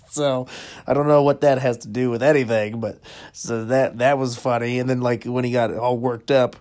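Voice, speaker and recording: A man with a middle-pitched voice telling comedic stories as a podcast host. He rambles, chuckles often and fills his sentences with lots of little pauses. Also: darkish tone. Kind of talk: comedic storytelling monologue.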